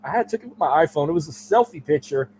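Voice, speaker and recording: A man guesting on a podcast interview, telling loose, animated stories with casual swearing. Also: on the high side, fast, a little hiss or hum. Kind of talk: casual chat.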